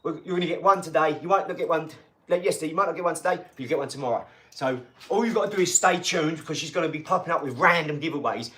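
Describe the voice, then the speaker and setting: A man chats to his live-stream audience in a loose, slangy way, calling out to viewers as he goes. His voice sits a little higher than most men's. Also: racing, a bit bright. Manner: chatty and slangy, talking straight to the chat. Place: garage gym.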